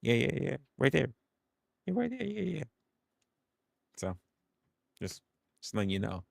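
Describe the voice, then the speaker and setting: A young man hosting a livestream, telling a story in a candid, profane, animated way. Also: medium pitch, unhurried, gravelly, no echo. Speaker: livestream host.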